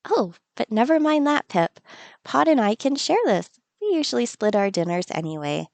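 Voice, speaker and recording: Woman doing a motherly game villager, fond, polite, slightly raised voice, gravelly edge. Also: a little high, sing-song, moderate pace, darkish tone, dry recording. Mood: tender.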